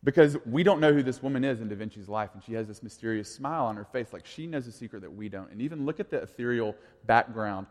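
A man's voice: medium pitch, fast, hardly any pauses, darkish tone. A man in his thirties giving a casual, conversational sermon as a youth pastor, in an echoey hall. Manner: casual, conversational, full of "like" and restarts.

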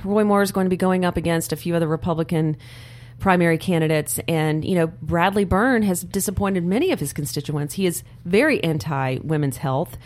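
Woman, low voice, podcast co-host, earnest political commentary, laughs between points. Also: a little fast, darkish tone. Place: podcast studio.

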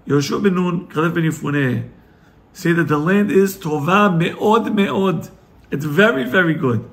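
A man, a rabbi, giving a Torah lesson, telling the story with animated, acted-out quotes. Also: fairly high pitch, vocal fry. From United States. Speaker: rabbi teaching weekly Torah portion.

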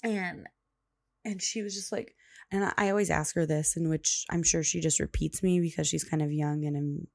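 A woman's voice: low-pitched, fairly even intonation, moderate pace, vocal fry, a little mellow, no room sound, studio quality. A young woman hosting a casual storytelling podcast who rambles along and fills her sentences with "like". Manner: chatty, rambling, full of "like" fillers. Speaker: podcast host.

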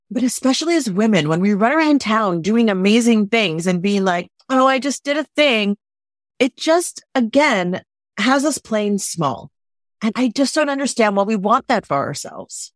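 A woman's voice: mid-range voice, no echo, studio quality. A woman wedding planner talking emphatically in a casual podcast interview, often acting out little quotes. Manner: emphatic, animated, acts out quotes. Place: lives in Los Angeles.

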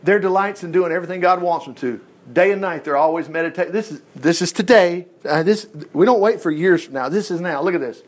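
Man, high voice, folksy preacher, reads scripture and chats between verses. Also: fairly quick. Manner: folksy, reads scripture aloud and breaks off to comment. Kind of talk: informal Bible-study sermon.

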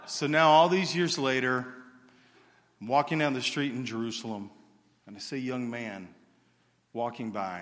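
A man preaching and telling a story in a lively way, acting out the quotes. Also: fairly low pitch. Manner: animated storyteller, acts out quotes. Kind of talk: sermon storytelling. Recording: reverberant hall.

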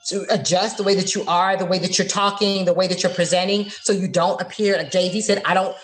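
Fast-talking animated woman. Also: lowish voice, slight background noise. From Florida, USA. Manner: animated, expressive storytelling. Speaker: guest. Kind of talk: conversational interview.

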